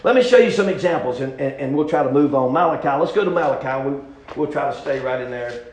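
A man's voice: mid-range voice, lively intonation, fast talker, a little hiss or hum. Folksy preacher man, echoey. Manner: folksy, rising to shouts. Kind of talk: sermon.

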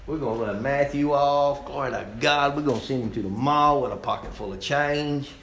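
A man preaching with real fire, his voice climbing into shouts and then dropping to near murmurs. He sits at an ordinary middle pitch. The sound carries the roomy echo of a church sanctuary. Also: moderate pace, vocal fry, slight background noise. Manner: impassioned, swings from loud outbursts to low asides. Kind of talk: fiery sermon.

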